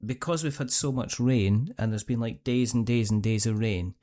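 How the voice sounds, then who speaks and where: A man's voice: mid-range voice, normal speed, warm tone. A middle-aged man with a Scottish accent hosting a podcast, telling stories in a rambling, chatty way and often restarting his sentences. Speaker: podcast host. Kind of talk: casual chat.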